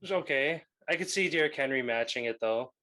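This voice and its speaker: A man's voice: medium pitch, animated, brisk, pushed and bright. A young man co-hosting a podcast, chatting casually about sports and laughing often. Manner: laughs often, loose and joking. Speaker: podcast co-host.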